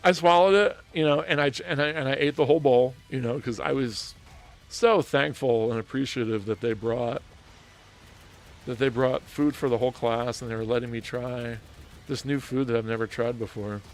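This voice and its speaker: Man, livestream host, casual storytelling, gravelly, laughs often, faint music behind. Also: mid-range voice, steady tone, normal speed. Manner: chatty, laughs often, many restarts. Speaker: streamer host.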